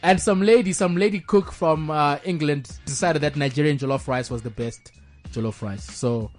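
Joking young male co-host, higher voice. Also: normal speed, soft background music. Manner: joking, laughs often, tangents into banter. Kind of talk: casual sports chat on radio. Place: radio studio.

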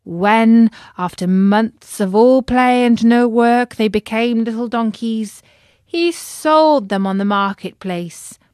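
A woman narrating a children's story in a gentle way, talking to young listeners. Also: fairly high pitch, slow, dry recording, clean studio sound.

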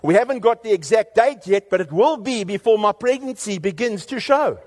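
A man reading aloud a letter from a sheepish young woman student to her parents, with deadpan comic timing. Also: high-pitched, normal speed.

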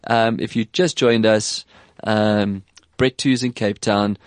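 A man's voice: fairly low pitch, fairly even intonation, slow pace, no room sound, clean studio sound. A man from South Africa hosting a talk show, chatting thoughtfully and restarting sentences as he thinks aloud. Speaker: host. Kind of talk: conversational talk show chat.

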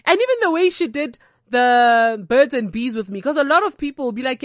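A young South African woman telling candid, comic stories from her own life, animated and unfiltered. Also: high-pitched, normal speed, few pauses, dry recording, clean studio sound. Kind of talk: comic personal storytelling.

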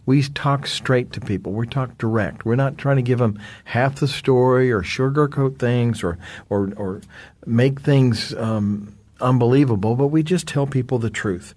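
A man's voice: mid-range voice, a little mellow. A man who is a guest speaker, explaining leadership and trust earnestly, laying out numbered points and quoting scripture. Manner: methodical, lays out numbered points and quotes scripture.

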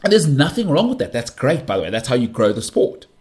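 A man's voice: medium pitch, fast. Emphatic man ranting about sport. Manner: emphatic, repeats himself, animated rants. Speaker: podcast host. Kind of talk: opinionated sports talk.

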